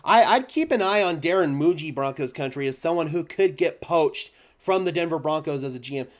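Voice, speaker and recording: A young man hosting a fan live stream, stammering and overwhelmed, swinging from hushed thanks to shouting. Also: a little high, lively intonation, a little fast. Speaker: fan channel host.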